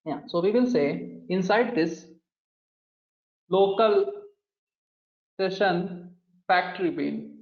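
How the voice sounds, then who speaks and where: A man's voice: high voice, slow pace, pauses often, roomy sound, highs cut off. A man teaching a live coding lesson, talking through each step as he types and often calling the class "guys". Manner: talks through steps while typing, often addresses the class as "guys". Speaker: programming instructor.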